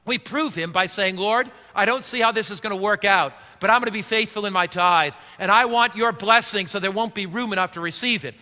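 A man delivers a sermon as pastor, his voice high and strikingly bright. He tosses questions out for the congregation to finish, and the sound rings with a long hall reverb. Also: a little fast, few pauses. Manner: call-and-response questions to the congregation.

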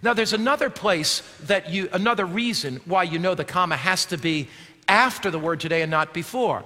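High, bright-voiced preaching pastor, reverberant hall. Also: male voice, a little fast. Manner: preaching, rising to forceful exclamations then dropping to quiet asides. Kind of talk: sermon.

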